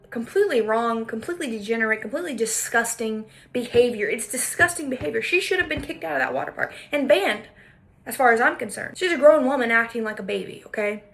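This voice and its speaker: A woman with a high voice tells a story as a commentary monologue. She is emphatic and indignant. She repeats her points for weight. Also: gravelly, a bit bright. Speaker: podcaster.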